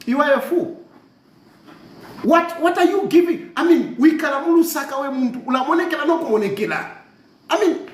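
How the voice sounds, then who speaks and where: This Zambian-accented commentator has an extremely high voice with a roomy sound. He delivers a heated, scornful online rant, saying things over and over, shifting between languages and laughing mockingly.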